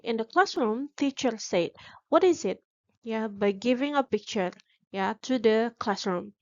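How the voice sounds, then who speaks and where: A young Indonesian-accented woman gives a slow, deliberate academic presentation, often pausing and restarting her sentences. Her voice sits a little high. The recording sounds muffled and lo-fi. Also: darkish tone, dry recording. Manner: halting, with frequent restarts and fillers. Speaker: graduate student presenter.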